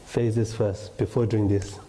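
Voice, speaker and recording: A man whose first language is Tibetan gives a gentle dharma talk as a meditation teacher, in simple broken English. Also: fairly low pitch, flat delivery, unhurried, a little hiss or hum, poor audio.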